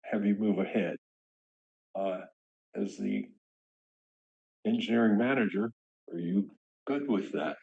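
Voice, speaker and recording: A man chairing a board meeting, talking haltingly with many ums and restarts. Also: fairly low pitch, big pitch swings, vocal fry, darkish tone, breathy edge, dull audio. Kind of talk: formal meeting discussion.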